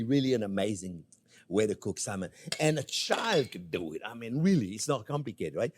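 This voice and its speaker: A man's voice: fairly low pitch, expressive, moderate pace. An older man hosting a cooking show, chatting playfully with viewers as he cooks. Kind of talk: casual cooking demonstration.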